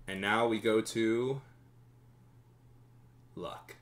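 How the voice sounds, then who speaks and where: A man's voice: fairly low pitch, expressive, slow pace, fairly bright tone. A man running a tabletop game as game master, narrating combat vividly and explaining rules.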